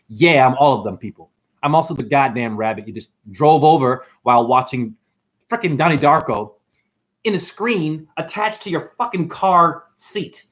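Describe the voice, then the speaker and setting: A man vlogging a rambling, profane spiritual rant, preaching with big swings in pitch. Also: animated, moderate pace, fairly bright tone.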